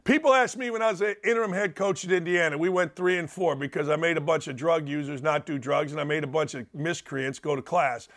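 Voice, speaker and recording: Brash high-voiced man ranting as sports host. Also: brisk, hardly any pauses. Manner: brash, combative, mocking; wide swings in pitch and loudness. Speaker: sports talk show host. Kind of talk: opinionated sports radio rant.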